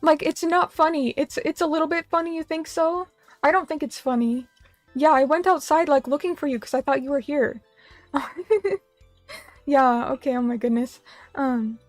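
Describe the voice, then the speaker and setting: High-voiced chatty young woman streamer. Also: no room sound. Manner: chatty, rambling, self-deprecating. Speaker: vtuber streamer. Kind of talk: casual chat reading stream comments. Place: small room at a little table.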